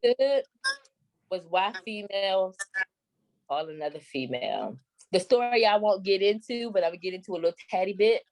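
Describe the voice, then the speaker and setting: A woman's voice: medium pitch, lively intonation, normal speed, darkish tone, rough recording. A woman co-hosting a podcast in casual chat, blunt and emphatic with some swearing. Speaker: podcast co-host.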